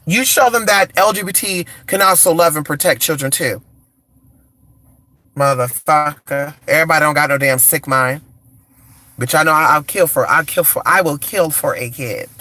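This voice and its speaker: A man from California chats casually on a live stream in a bright, forceful voice that sits a little high. He is flamboyant and sassy, calls his listeners honey and keeps cheering the chat on with "come on". He talks into a phone or computer mic. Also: moderate pace, dry recording.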